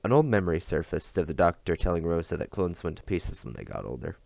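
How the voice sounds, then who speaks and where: A man reading a novel aloud at a steady pace, with small slips and restarts, on a dull, dry recording. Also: low voice, fast, gravelly, dry recording. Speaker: audiobook reader.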